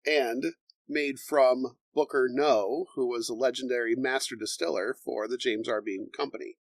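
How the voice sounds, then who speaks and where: A man at an ordinary pitch talks through a tasting in a measured, explanatory way. The sound is dry and close, without room echo. He comes across as a relaxed podcast co-host. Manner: measured, explanatory, reads tasting notes aloud. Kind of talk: casual bourbon tasting chat.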